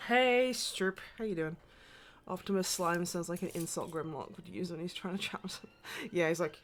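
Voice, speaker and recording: A woman's voice: lowish voice, moderate pace. A woman from Australia with an Australian accent, co-hosting a casual livestream and joking and swearing freely. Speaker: co-host.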